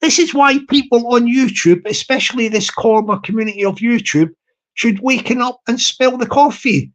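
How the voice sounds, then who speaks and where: A man's voice: very high-pitched, normal speed, low-quality recording. A man hosting a live stream. He rambles, repeats himself and restarts often with many fillers.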